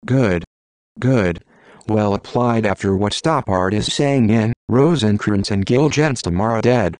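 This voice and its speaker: A man's voice: fairly low pitch, slow pace, a little mellow, no echo. A man voicing an earnest, proper female literature teacher in an audiobook. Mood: measured. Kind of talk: audiobook narration of literary fiction.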